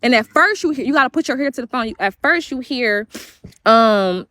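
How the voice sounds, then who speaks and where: A woman's voice: fairly high pitch, animated, brisk, pushed and bright, no room sound, clean studio sound. A woman on a livestream, telling a long story in a rambling way, cursing and repeating herself. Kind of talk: heated livestream monologue.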